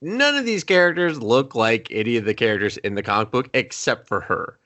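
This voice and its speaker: A man co-hosting a movie review chat, his voice bright and forward, swinging widely up and down as he swears and jokes. He keeps slipping into mocking voices to act out what the characters say. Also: medium pitch, animated, brisk. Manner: profane, jokey, acts out characters' lines in mocking voices. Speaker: podcast co-host.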